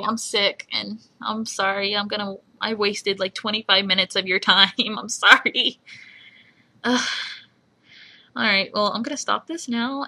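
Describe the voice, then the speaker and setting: A young woman rambling in a casual voice memo, apologizing often and speaking in a husky voice. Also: medium pitch, bright, forceful tone. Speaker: fan recording a voice memo.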